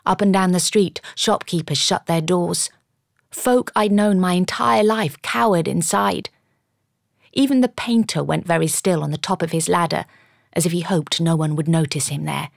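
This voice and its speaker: A woman's voice: lowish voice, moderate pace, vocal fry, no room sound, studio quality. A woman narrating an audiobook in the first person, with dramatic storytelling.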